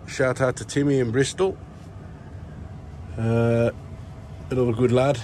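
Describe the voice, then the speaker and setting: A middle-aged man chatting casually in a vlog, rambling through shout-outs with lots of fillers and restarts. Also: mid-range voice, fairly even intonation, measured pace, a little hiss or hum. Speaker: plant grower vlogger. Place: indoor grow tent.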